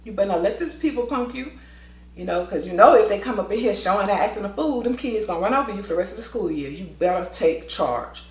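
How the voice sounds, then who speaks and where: A woman telling a school story in a lively vlog style, acting out the voices with quick asides. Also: medium pitch, roomy sound. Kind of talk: storytime vlog, animated retelling.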